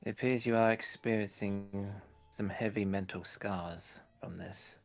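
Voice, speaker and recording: A stiff, clinical adventurer, voiced by a man, who hands out formal, dramatic advice in a tabletop role-play. His voice sits on the low side. Faint music plays behind. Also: fairly even intonation, a little slow, creaky.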